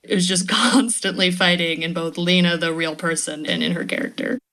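A woman's voice: fairly low pitch, lively intonation, moderate pace, fairly bright tone. Thoughtful woman guest writer. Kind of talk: casual chat.

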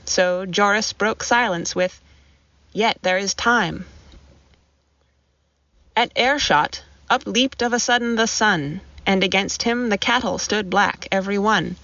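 A woman reciting a narrative poem in a measured, rhythmic way, in a dull lo-fi recording. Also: mid-range voice, a bit bright, no echo. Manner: measured rhythmic verse reading. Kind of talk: poetry recitation.

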